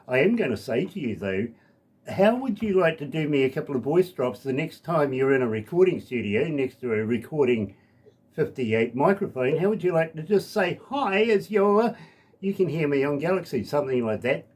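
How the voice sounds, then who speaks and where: A man's voice: mid-range voice, sing-song, normal speed, darkish tone. A man from New Zealand hosting a radio interview, chatty and jokey, poking fun at himself. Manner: jokey, chatty, self-deprecating. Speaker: radio host.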